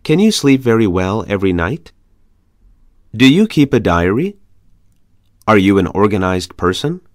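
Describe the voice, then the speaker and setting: A man with a fairly low voice reads conversation practice questions for an English lesson at a steady pace. His intonation rises and falls in a lively way on each question. The recording is dry and close. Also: dry recording. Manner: measured, evenly paced question reading. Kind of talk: reading practice questions aloud.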